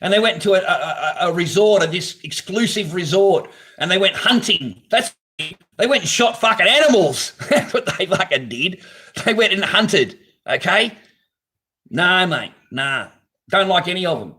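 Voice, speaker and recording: A man's voice: high-pitched, expressive, normal speed, bright, forceful tone. A man hosting a live stream from his garage on a phone camera, talking casually in a blunt, profane, ranting way. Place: home garage.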